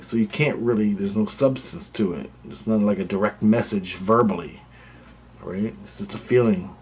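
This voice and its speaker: A man's voice: fairly low pitch, a little mellow, breathy edge. A man telling a personal story in a rambling, repetitive way, swearing freely. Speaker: vlogger. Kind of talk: casual spoken storytelling.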